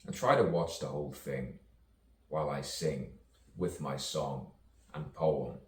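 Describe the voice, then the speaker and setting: A man's voice: extremely low pitch, measured pace, a little mellow, slight background noise. A man, a poet, rambling playfully through an improvised monologue full of rhyming wordplay and chuckles. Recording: roomy, distant mic, faint ambience.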